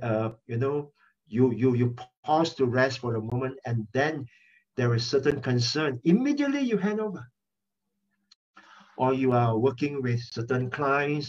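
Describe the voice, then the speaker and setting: Middle-aged male pastor, husky voice, animated and repetitive, dull phone-line sound. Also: medium pitch. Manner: animated, repeats key phrases for emphasis. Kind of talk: conversational sermon over a prayer chatline.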